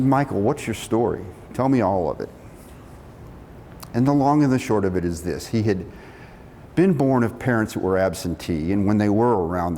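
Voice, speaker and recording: A middle-aged man telling a story from his working life, animated, acting out the quotes. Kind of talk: storytelling talk. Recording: long reverb of a hall, faint rumble.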